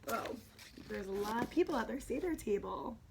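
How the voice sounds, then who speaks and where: A woman teacher reading a picture book aloud to a kindergarten class, slow and expressive, adding little asides to the children. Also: on the high side, vocal fry, background noise.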